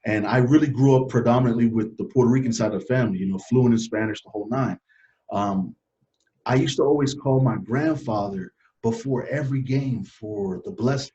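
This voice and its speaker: Earnest guy telling his story on a podcast, kinda muffled lo-fi audio, middle pitch. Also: brisk, a little hiss or hum. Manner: earnest, animated storyteller with frequent laughs. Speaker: podcast guest. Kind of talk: casual storytelling interview. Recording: dull lo-fi sound.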